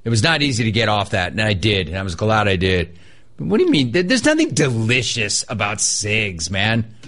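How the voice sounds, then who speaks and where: A middle-aged man hosts a call-in radio show in a loose, talky way. His pitch swings widely as he rants and riffs on everyday annoyances. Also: normal speed. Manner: animated, mocks people in a high put-on voice. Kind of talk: casual call-in radio talk.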